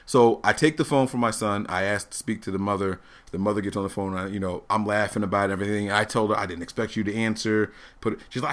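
A man in his thirties telling a family story on a casual talk show, animated and laughing often as he acts out the people in it. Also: fairly low pitch, fast, hardly any pauses. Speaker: podcast host telling a story.

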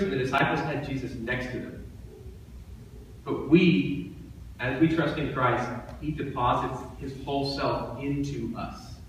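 A man's voice: mid-range voice, recorded from a distance, slight background noise. A man giving a sermon as pastor, preaching in a conversational way and repeating phrases for emphasis. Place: church sanctuary. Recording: echoey church hall from off-mic.

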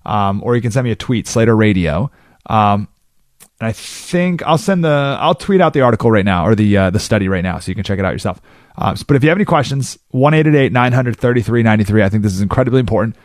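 Animated male radio talk host. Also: on the low side, dry recording, studio quality. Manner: animated, acts out quoted people.

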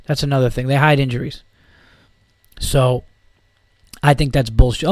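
A man's voice: medium pitch, fairly even intonation, moderate pace, long pauses, darkish tone, no room sound. A man hosting a podcast, ranting about football in a heated, profane, rambling way. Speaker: podcast host. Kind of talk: casual sports rant.

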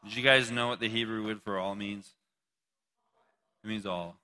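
A man's voice: fairly low pitch, steady tone, moderate pace, sharp tone. A man preaching a casual, joking sermon to a live group, asking questions and talking back with listeners. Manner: casual, joking, talks to the audience.

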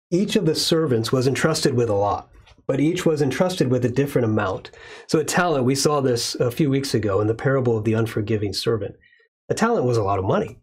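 A male pastor delivering a sermon in a measured way, slowing down to stress key words. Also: mid-range voice, darkish tone, husky.

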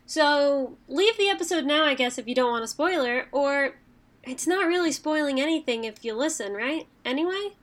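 A woman's voice: high voice, animated, normal speed. A woman co-hosting a casual podcast, rambling and chatty with frequent fillers. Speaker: podcast co-host. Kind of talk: casual chat.

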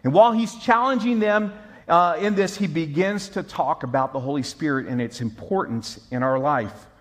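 Pastor guy preaching, fairly high voice, gets loud then drops quiet, storytelling. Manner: animated storyteller, mimics moaning, swings loud and soft. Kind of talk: sermon.

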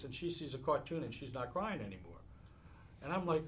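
In a live talk, a male meditation teacher answers questions with lively storytelling and frequent chuckles. His voice leans high and he speaks briskly.

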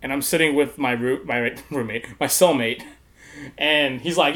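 A man tells a long story in casual conversation and laughs through it. He acts out the voices of the people in it. His pitch sits in a middle range. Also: a little slow, a bit bright. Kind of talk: casual chat.

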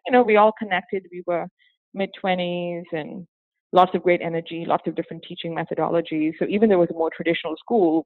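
A woman's voice: lowish voice, no echo. A woman from Singapore with a hybrid accent that carries a hint of British, talking animatedly as an interview guest and often laughing. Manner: animated, laughs often, breaks into acted quotes. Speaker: interview guest, former teacher. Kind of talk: casual interview conversation. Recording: tinny phone-like line, dry.

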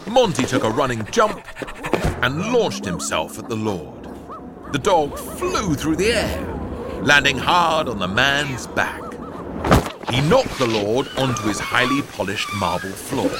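A man reading a children's storybook aloud, lively and playful, punching out sound-effect words. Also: medium pitch, measured pace, over loud music.

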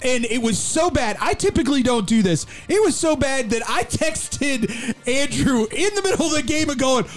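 A man co-hosting a sports talk show, ranting with animated mock quotes in a studio. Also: extremely high pitch, moderate pace. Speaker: co-host.

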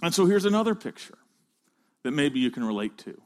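A man preaching a sermon to fellow pastors, rising to loud emphatic peaks and dropping to hushed phrases. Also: a little high, sing-song, fairly quick.

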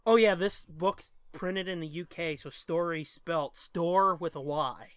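A man's voice: a little high, a little slow, fairly bright tone, smooth, no echo. A man co-hosting a podcast in casual chat, joking and swearing freely, easily sidetracked. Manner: profane, joking, easily distracted. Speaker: podcast co-host.

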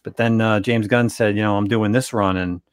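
Relaxed man going over comic prices. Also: on the low side, normal speed, clear, resonant tone, no echo, clean studio sound. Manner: relaxed, talks through prices and sales data. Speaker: co-host. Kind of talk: casual comic book collecting chat.

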